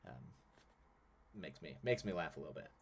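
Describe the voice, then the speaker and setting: Deep-voiced man reading a story aloud. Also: animated, moderate pace, creaky, a little hiss or hum. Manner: casual, laughs and corrects his own slips. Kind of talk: live-streamed reading with casual asides. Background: faint music.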